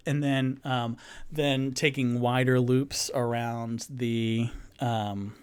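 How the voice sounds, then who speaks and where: A man narrating as game master, improvising fantasy scenes in a halting way, with many fillers and restarts. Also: medium pitch, little pitch movement, clean tone.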